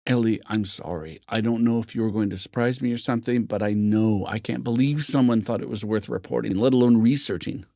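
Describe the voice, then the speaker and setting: A man playing a tense, guilt-stricken male security commander who talks in a low, measured, clipped way. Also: steady tone, vocal fry, dark tone, dry recording, clean studio sound.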